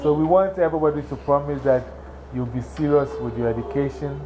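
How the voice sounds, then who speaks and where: African-accented man, upper-pitched, emphatic motivational speaker in a classroom; light background hiss. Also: steady tone, fairly quick, dull audio. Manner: emphatic, repeats points and checks understanding with questions. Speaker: guest speaker to schoolchildren. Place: school classroom.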